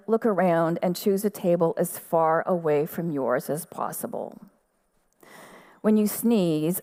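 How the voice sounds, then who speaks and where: A woman giving a measured, quiet literary reading of her own fiction at an outdoor festival stage. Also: on the low side.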